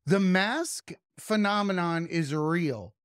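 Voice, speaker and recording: A man's voice: sits high, slow, a bit bright, clear, resonant tone, no echo, studio quality. A young man hosting a podcast in casual chat, loose and jokey, often slipping into silly voices. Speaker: podcast host.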